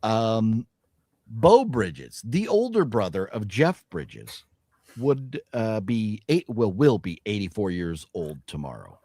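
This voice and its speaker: A man's voice: lowish voice, huge pitch swings, slow, darkish tone, breathy edge, no room sound, clean studio sound. A man hosting a casual podcast, chatting and reading off celebrity birthdays. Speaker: podcast host. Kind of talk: casual chat.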